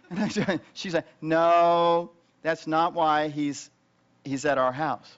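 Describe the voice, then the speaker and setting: High-voiced male pastor preaching. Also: steady tone, slow, muffled recording. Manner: conversational, rising loud and high when retelling tense moments. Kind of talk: sermon with personal storytelling.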